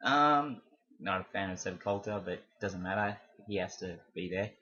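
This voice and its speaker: A chatty young man with a bright, forceful voice talks through his predictions with plenty of ums and little asides that amuse him. The sound is dull and lo-fi, like a home recording. He is not from America. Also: deep voice, lively intonation, normal speed, slightly rough. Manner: chatty, rambling with fillers and self-amused asides. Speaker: wrestling fan vlogger. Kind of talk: casual predictions vlog.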